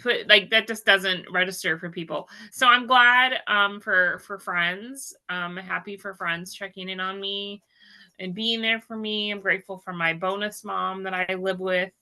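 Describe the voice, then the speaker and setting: A woman's voice: mid-range voice, fairly even intonation, unhurried, sharp tone, low-quality recording. A woman co-hosting a casual chat podcast, candid and chatty, laughing easily. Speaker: podcast co-host.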